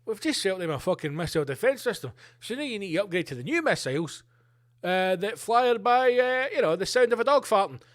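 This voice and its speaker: A man's voice: high voice, sing-song, brisk, voice pushed up. A man doing a smarmy arms salesman. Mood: smug. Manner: wheedling salesman patter. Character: smarmy male arms dealer making a sales pitch.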